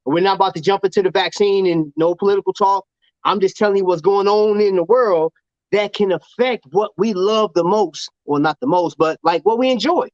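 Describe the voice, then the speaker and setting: A man's voice: high-pitched, fairly quick, dry recording. A man hosting a casual livestream chat, talking loosely and animatedly with lots of slang and laughter. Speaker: show host. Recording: dull, lo-fi sound.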